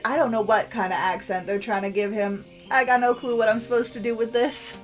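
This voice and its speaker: A woman's voice: fairly high pitch, fairly quick, faint music behind. A woman giving casual, chatty gameplay commentary, giggly and self-deprecating, reading the on-screen text aloud. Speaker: game streamer.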